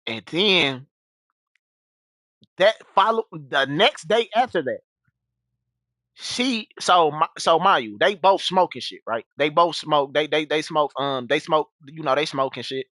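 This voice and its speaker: Brief: young guy streamer, storytelling to chat, restarts a lot, lively pitch, dry close sound. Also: measured pace, no room sound. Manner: rambling, full of restarts and asides.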